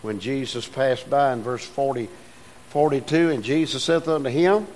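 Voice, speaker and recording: An older man preaching a sermon in a folksy, homespun way, moving between hushed storytelling and rising, emphatic preaching. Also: medium pitch, moderate pace, a little hiss or hum. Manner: folksy, homespun phrasing with repeated restarts.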